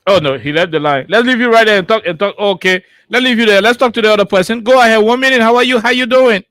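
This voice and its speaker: A man hosting a live call-in radio show, briskly prompting callers to go ahead. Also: high voice, a bit bright, no room sound, clean studio sound.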